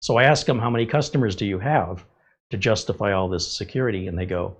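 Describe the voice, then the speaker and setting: Blunt sarcastic man with a husky voice. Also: fairly low pitch, fast. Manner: blunt, sarcastic, lively asides. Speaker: tech show host. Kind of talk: live-stream chat answering viewers.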